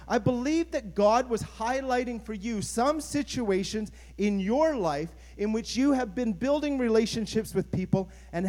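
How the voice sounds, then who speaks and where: A man's voice: high voice, a little mellow. A man, a pastor, preaching an earnest, conversational sermon and putting questions to his congregation.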